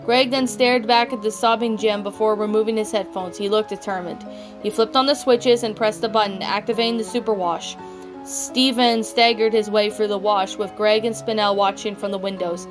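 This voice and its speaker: A woman's voice: medium pitch, fairly even intonation, normal speed. A woman reading a fan fiction story aloud, often stumbling and restarting words. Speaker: story narrator. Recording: background music throughout.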